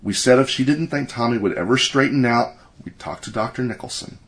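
A man's voice: mid-range voice, a little fast, fairly bright tone, pitched above the performer's own voice, natural voice. A man voicing a tired wife and mother who speaks carefully and straightforwardly.

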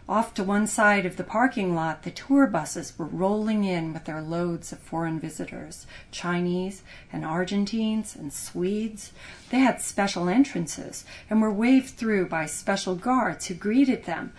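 A woman narrating a story in an expressive, lively reading style. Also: mid-range voice, measured pace. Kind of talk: audiobook narration.

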